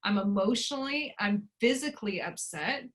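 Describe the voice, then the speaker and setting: Frustrated, emphatic woman, bright voice. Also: medium pitch, expressive, moderate pace. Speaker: interviewee. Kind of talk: emotional personal interview.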